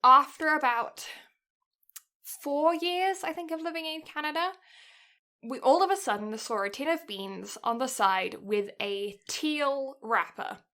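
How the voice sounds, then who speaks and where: A British woman co-hosting a podcast, telling a story in a chatty, animated way and laughing often. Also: sits high, measured pace. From Britain. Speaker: podcast co-host.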